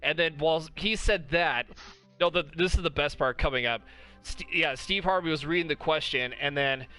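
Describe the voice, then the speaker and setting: A man hosts a relaxed podcast and tells funny stories, breaking into laughter again and again. His voice sits a little high and sounds bright and forceful. Faint music runs behind him. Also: normal speed, clean tone. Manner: laughs often while retelling stories. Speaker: podcast host. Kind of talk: casual podcast chat.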